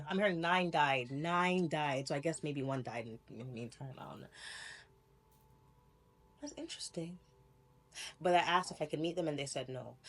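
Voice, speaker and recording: A young adult woman talking casually to camera, telling a personal story in a rambling, animated way, often laughing and correcting herself. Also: lowish voice. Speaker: spiritual vlogger.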